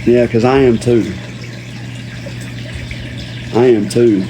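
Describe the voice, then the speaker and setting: A livestream host in full rant mode, cursing freely and hammering the same phrases again and again. His voice sits at an ordinary middle pitch for a man, and a faint hiss of noise runs under it. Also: fairly even intonation, takes it slowly, warm tone. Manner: profane, slangy, repeats himself for emphasis.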